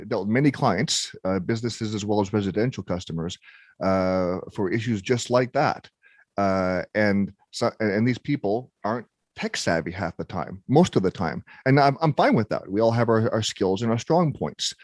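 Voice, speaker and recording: A man's voice: lowish voice, darkish tone, no room sound, clean studio sound. A man in his thirties hosting a tech podcast, talking casually with many restarts and fillers. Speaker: podcast host. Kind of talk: casual conversation.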